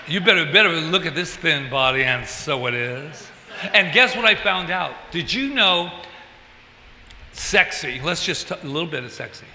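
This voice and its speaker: Brief: a reverend preaching in a bright, fairly high voice, lively and confiding, in a roomy hall. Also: male voice, normal speed, a little hiss or hum. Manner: animated, playful, confiding. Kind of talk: sermon. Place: church service hall. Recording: echoey hall.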